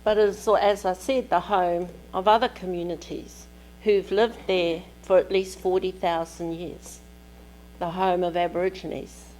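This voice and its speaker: Slow, measured New woman lecturing. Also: on the low side, fairly even intonation, a little mellow, slight background noise, poor audio. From New Zealand. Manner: measured, deliberate phrasing in short pieces. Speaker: keynote lecturer. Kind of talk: academic keynote lecture. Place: lecture hall at a conference.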